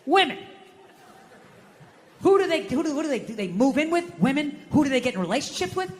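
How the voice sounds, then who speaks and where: On a large theater stage, a man with a very high voice performs stand-up at a brisk clip. He tells stories with lots of animation and plays out his own inner voice, with live theater reverb and a faint audience around him.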